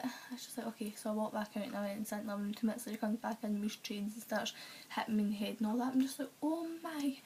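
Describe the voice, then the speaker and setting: A woman's voice: fairly high pitch, a little mellow, a little hiss or hum, poor audio. A woman telling rambling stories in a casual vlog, full of fillers and acted-out quotes. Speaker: vlogger.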